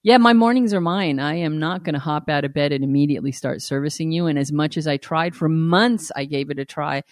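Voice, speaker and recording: Blunt, low-voiced woman podcast host. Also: dry recording, clean studio sound. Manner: frank and blunt, with frequent laughter. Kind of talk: casual candid podcast chat.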